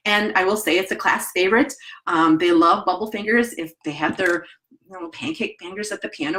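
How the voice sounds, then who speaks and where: Woman, Wisconsin accent, middle-aged, chatty, live-stream teaching, demonstrates at the piano. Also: mid-range voice. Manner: chatty, animated, demonstrates as she talks. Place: home studio with piano and desk.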